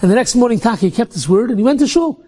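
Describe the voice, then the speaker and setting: A man telling a religious story in an animated way, often repeating words as he restarts. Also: very high voice, quick pace, breathy edge.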